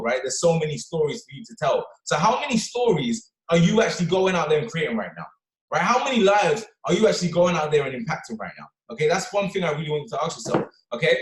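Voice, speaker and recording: Man, motivational talk, rapid delivery, slightly high pitch, keeps asking "right?", echoey room. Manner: energetic, punctuates with "right?" and "okay?". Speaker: motivational speaker on a team call. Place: office or London.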